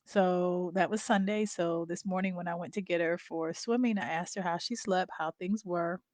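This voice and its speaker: A woman's voice: lowish voice, fairly even intonation, normal speed, a little mellow, no room sound. Candid middle-aged woman, dry close sound. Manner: candid, conversational, addresses viewers as y'all. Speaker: family caregiver. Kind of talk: personal storytelling vlog.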